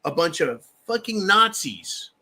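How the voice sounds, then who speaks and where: American male commentator, fairly high voice, mocking and profane, delivers solo political rants. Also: very animated, a little slow, sharp tone.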